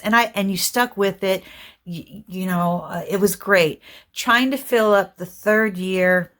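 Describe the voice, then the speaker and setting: A woman's voice: medium pitch, a bit bright. A middle-aged woman, hosting a craft channel in casual, rambling chat with her viewers. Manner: rambling, chatty, talks fast and apologizes for it.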